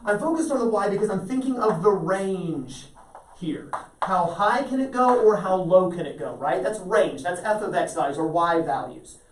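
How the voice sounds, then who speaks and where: A man's voice: high-pitched, expressive, moderate pace, a little hiss or hum. Male teacher lecturing in an echoey classroom. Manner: asks the class frequent check-in questions. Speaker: math teacher. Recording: roomy echo, voice from far off.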